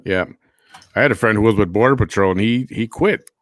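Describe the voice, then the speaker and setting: A man's voice: on the low side, brisk, no echo. A man hosting a casual chat show, rambling and repeating himself. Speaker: host.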